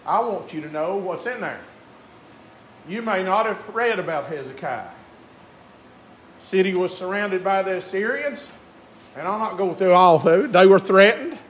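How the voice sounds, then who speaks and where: High-voiced preacher in an echoey hall. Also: male voice, lively intonation. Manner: swings from quiet, conversational asides to drawn-out shouted climaxes. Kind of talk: sermon. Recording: echoey room with faint crowd and noise.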